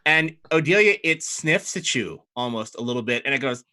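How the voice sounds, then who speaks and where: Bright-voiced dm guy, rambly, lots of um and like. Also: medium pitch, lively intonation, normal speed. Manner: loose, rambling narration with many fillers. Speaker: dungeon master. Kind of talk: narrating a tabletop game.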